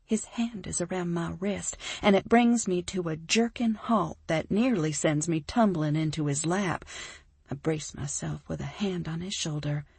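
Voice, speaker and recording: A woman narrating a first-person romance audiobook, expressive and emphatic in the heroine's lines. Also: on the low side, measured pace, slightly rough, dry recording.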